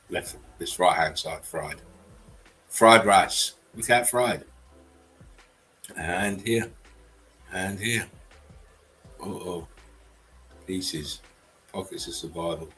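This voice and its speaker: A man's voice: deep voice, bright, forceful tone, poor audio. A man hosting a casual livestream, talking bluntly, swearing and chuckling often. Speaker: channel host.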